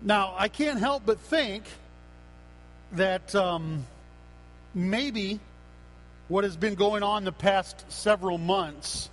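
Male pastor, high voice, preaching a sermon in an earnest, unhurried way, with fillers and restarts. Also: fairly bright tone, rough recording.

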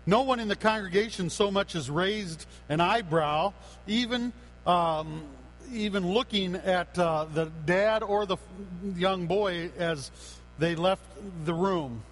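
High-pitched guy preaching, earnest, takes his time, lots of uh and um. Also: rough recording. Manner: earnest and unhurried, with frequent fillers and restarts. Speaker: pastor. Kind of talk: sermon.

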